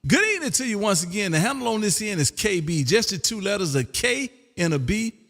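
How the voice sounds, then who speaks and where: Loud, sing-song Texan ham radio host. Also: male voice, high voice, lively intonation, fairly quick, creaky, long reverb tail, soft background music. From Texas. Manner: loud, drawling, sing-song call signs. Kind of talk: ham radio calling and chat. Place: home radio room.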